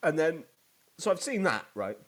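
A young man, chatting casually in an excitable, jokey way and swearing. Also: a little high, moderate pace. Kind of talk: casual chat.

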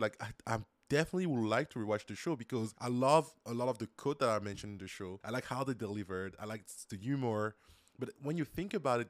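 A man's voice: mid-range voice, no echo. Brief: eager male podcast co-host, dry close mic. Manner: eager, enthusiastic, laughs often. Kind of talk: casual chat.

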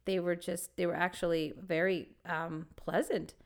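A woman co-hosting a podcast, telling a story in a lively, casual way and laughing often. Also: lowish voice, normal speed, gravelly. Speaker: podcast co-host.

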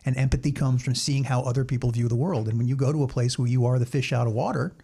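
A middle-aged man with a Southern American accent hosts a podcast in casual conversation. His voice sits at an ordinary pitch, and his speech runs quick and easy. He encourages his guest and laughs often. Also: fairly even intonation, vocal fry, dark tone, slightly rough. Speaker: podcast host. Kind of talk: casual chat.

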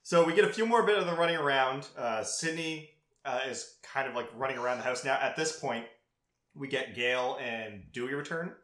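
A man co-hosting a podcast, telling a movie's plot with lively storytelling and mimicked lines. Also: medium pitch, fairly quick. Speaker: podcast co-host. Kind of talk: casual movie recap chat. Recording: roomy echo.

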